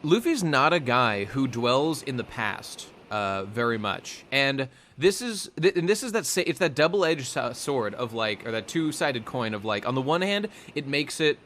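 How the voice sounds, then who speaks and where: On a fan podcast, a male co-host chats casually, rambling with plenty of fillers and restarts and laughing often. His medium-pitched voice is lively and fairly bright, moving at a normal speed with few pauses. There's slight background noise.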